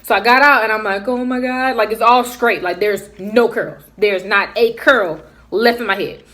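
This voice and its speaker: A young adult woman vlogger telling a casual story, animated and acting out what other people said. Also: mid-range voice, moderate pace.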